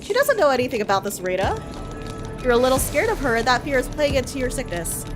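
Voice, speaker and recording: A woman voicing a calm detective in a game, steady and reasoning as she tries to talk someone down. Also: sits high, quick pace, over music. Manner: steady, reasoning, even-toned. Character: calm detective trying to defuse a standoff. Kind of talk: voicing game dialogue on stream.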